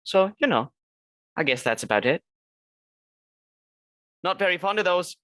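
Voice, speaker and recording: A man's voice: high voice, very animated, a little slow, sharp tone, no echo. A man playing a tabletop game, rambling through his character's motives with many fillers. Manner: rambling, uses fillers like 'you know'. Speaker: player.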